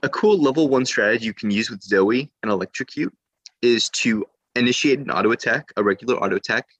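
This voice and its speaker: A man's voice: mid-range voice, fast talker, a bit bright, slightly rough, no echo, muffled recording. A man co-hosting a gaming podcast, casually explaining strategy with some hesitations. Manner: explanatory, with fillers and restarts. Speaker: podcast co-host.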